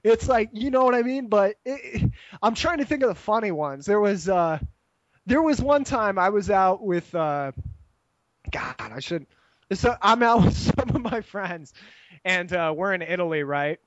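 A man's voice: sits high, a little slow, no room sound, dull audio. A young man telling a rambling, profane story in casual chat, laughing as he goes. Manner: animated, profane, laughs while telling stories.

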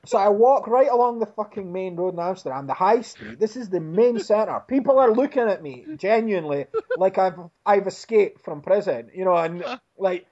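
A man with a fairly high voice tells a rambling personal story, swearing freely and with lively energy. The sound is dull and lo-fi. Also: moderate pace, few pauses. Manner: expletive-heavy, animated storytelling. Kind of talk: casual anecdote.

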